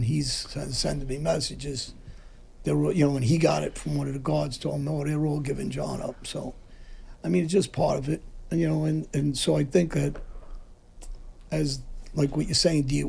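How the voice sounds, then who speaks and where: A man's voice: on the high side, darkish tone. A man casually telling jail stories on a podcast, with tough street talk. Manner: gravelly, raspy, tough street talk with cursing. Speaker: podcast host. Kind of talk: casual storytelling chat.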